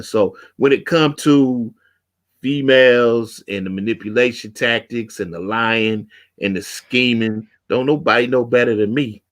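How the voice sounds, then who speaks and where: A man hosting a casual talk show, telling a street story with lively acted-out quotes. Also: mid-range voice, a little slow. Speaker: podcast host.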